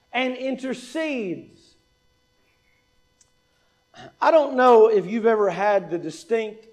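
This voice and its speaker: A man with a very high voice delivers a sermon as pastor. He drives points home with repetition and rhetorical questions, and tells stories in a conversational way. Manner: emphatic, rhetorical questions, repeats key points.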